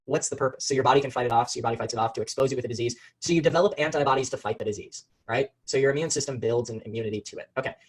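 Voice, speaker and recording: On poor audio, a mid-range male voice with a breathy edge runs a live online marketing webinar. The man, from the Phoenix area in the USA, speaks energetically to the chat, names viewers aloud, and frequently restarts and repeats himself.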